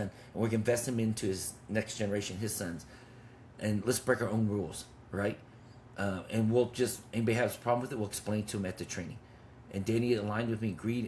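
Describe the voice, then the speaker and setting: A man's voice: fairly low pitch, darkish tone. Intense blunt guy, 50s, ministry leader, swears a lot, slight hiss behind. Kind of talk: testimony in conversation.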